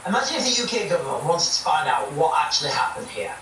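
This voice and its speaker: A man's voice: fairly high pitch, very animated, fast talker, a bit bright. Emphatic British man in an echoey room. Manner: emphatic, repeats "right?", builds hypotheticals. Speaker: livestream host. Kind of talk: heated livestream debate. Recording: echoey, far from the mic, faint noise.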